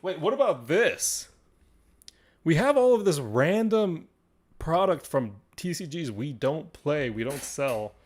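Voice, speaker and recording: Hyped guy running a card shop livestream, kinda high voice, rambles a lot. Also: slow. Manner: excitable and rambling, laughs often. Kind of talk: live stream chat to viewers.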